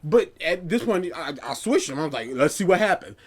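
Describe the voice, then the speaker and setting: A young man telling work stories in a loose, casual podcast chat. He jumps into his coworkers' voices mid-story, and his pitch swings widely between quiet asides and loud outbursts. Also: very animated, a little fast, breathy edge. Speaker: podcast guest.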